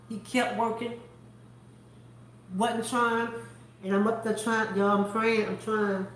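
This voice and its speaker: Animated woman telling a story in an echoey room. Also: a little high, a little slow, long pauses. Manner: animated storyteller acting out other people. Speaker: host. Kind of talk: faith-based storytelling chat.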